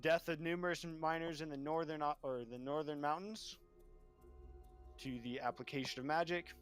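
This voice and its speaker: A man's voice: on the high side, fairly even intonation, normal speed, soft background music, voice pushed up, lightly acted. A man voicing a stern male city magistrate in a tabletop game, formally reading out charges and sentences.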